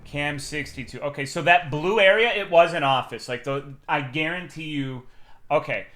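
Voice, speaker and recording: A man streaming a game, talking casually in a rambling, profane, excitable way, swinging from loud bursts to mumbled asides. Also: a little high, normal speed. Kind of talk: casual live-stream gameplay commentary.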